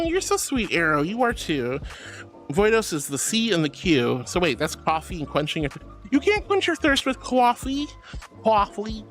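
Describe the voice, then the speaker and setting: A man's voice: high voice, a bit bright. A man streaming live and reading out chat in a bubbly, affectionate, playful way, calling viewers sweetie and darling, with giggles, gasps and squeals. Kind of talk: chatty livestream reading chat.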